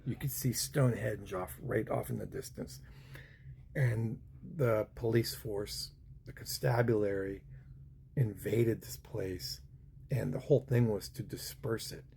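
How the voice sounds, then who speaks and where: A man in his fifties tells a story in a loose, meandering way. His voice is low and gravelly, with a mellow, dark tone. Faint ambient noise sits behind him. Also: steady tone, a little slow. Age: 50s. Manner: rambling, with many fillers and restarts. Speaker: vlogger. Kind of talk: casual storytelling.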